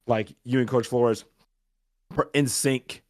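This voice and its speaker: Energetic man, casual coach banter. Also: mid-range voice, slow pace, dry recording, studio quality. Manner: loose and energetic, full of fillers like "like" and "bro". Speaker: boxing coach and co-host. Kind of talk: casual podcast chat.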